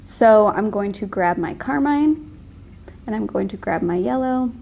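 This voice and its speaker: Gravelly lady walking folks thru a painting lesson, chatty, bit of hiss. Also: mid-range voice, expressive, measured pace, darkish tone. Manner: chatty, laughs easily. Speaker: painting instructor. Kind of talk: casual tutorial.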